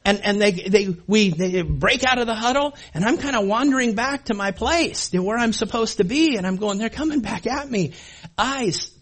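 At a normal speed, a middle-aged man shares a high school football story with a crowd, lively and laughing as he performs his younger self.

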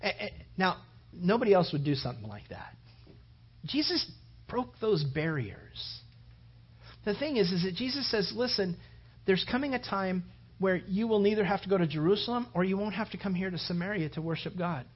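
A man preaching a sermon as pastor, who moves from quiet storytelling to loud, emphatic preaching. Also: high-pitched, lively intonation, moderate pace, slightly rough, dull audio.

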